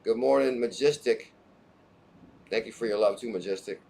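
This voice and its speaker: Male livestream host, middle pitch, energetic and scattered, constantly shouting out the chat. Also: normal speed, gravelly. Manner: hyped, hops between topics, shouts out chat viewers.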